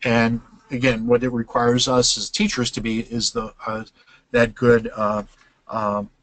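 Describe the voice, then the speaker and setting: An older man explains things to teachers in a webinar, patient and halting, often stopping on "uh" and starting over. His voice sits at an ordinary middle pitch. The recording is dry and close, with no room sound. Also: little pitch movement, no echo, rough recording. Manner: explanatory, many "uh" fillers and restarts. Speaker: webinar presenter.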